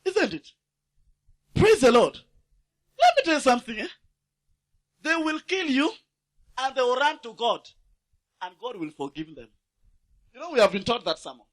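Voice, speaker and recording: A man preaching a fiery sermon. He swings from shouts to low asides and asks the congregation to finish his lines. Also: sing-song, normal speed, long pauses. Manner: asks the congregation to fill in words.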